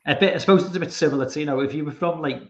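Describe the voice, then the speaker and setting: This Englishman, a podcast guest, speaks in a slightly high voice at a rapid-fire pace. His casual talk wanders, and he repeats words while working out his thoughts. The sound is lo-fi, dull and roomy.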